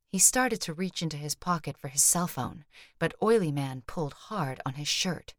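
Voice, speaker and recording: A woman narrates an audiobook with a low-pitched voice. She tells the story in a measured, even way. The recording is dry with no room sound. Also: dry recording. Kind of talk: scripted narration.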